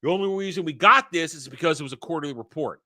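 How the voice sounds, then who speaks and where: A man's voice: a little high, quick pace, pushed and bright. A male host giving a heated, profane rant as he reads an article and tears it apart, repeating his points. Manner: heated, profane, repetitive rebuttals. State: hiccups. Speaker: host and commentator. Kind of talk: reaction rant, reading and rebutting an article.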